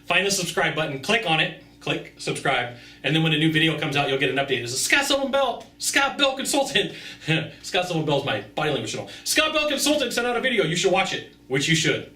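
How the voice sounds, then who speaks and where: Brash, bright-voiced man giving sales advice. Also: a little high, sing-song, quick pace, reverberant, recorded from a distance. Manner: brash, emphatic, talks straight to the viewer. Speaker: sales consultant. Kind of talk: direct-to-camera sales advice vlog. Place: outdoors.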